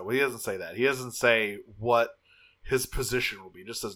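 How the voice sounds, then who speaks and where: A man's voice: medium pitch, normal speed, pushed and bright. A man co-hosting a podcast, chatting casually through a cartoon recap, rambling with fillers and restarts. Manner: rambling, frequent fillers and restarts, laughs often. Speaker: podcast co-host.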